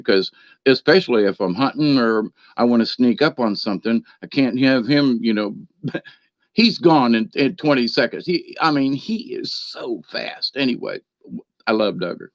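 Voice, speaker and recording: A man talks from home in a loose, meandering way, trailing off, circling back and chuckling as he goes. His voice sits at an ordinary middle pitch. The recording is dry and a bit dull, like a modest home setup. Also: no room sound. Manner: meandering, chuckles often, many fillers. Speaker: spiritual channel host. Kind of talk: rambling casual storytelling monologue. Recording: dry, slightly dull lo-fi sound.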